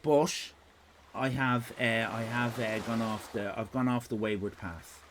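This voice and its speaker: A man's voice: mid-range voice, steady tone, measured pace, noisy background. An Irish man hosting a live stream in casual chat, rambling from one tangent to the next with jokes and swearing. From Ireland. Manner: rambling, digressive, sweary, jokey.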